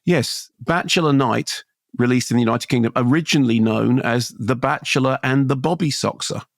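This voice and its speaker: Gravelly-voiced critic, keen and rambling, dry studio sound. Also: male voice, medium pitch, normal speed, no room sound. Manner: enthusiastic, self-deprecating, stumbling restarts. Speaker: film critic co-host. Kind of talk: casual chat.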